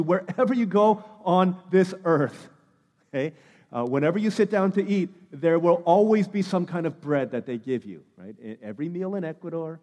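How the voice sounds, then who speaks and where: A man preaching a sermon in a conversational, emphatic way, pressing hard on key words and then dropping to a hush. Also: long reverb tail. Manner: conversational, emphatic preaching that swings between loud stress and hushed lows. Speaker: pastor.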